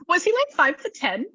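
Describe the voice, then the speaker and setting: A woman's voice: extremely high pitch, fairly bright tone, no echo, lo-fi sound. A woman working as a psychic medium, chatting animatedly with a client and often laughing. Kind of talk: reading session with a client.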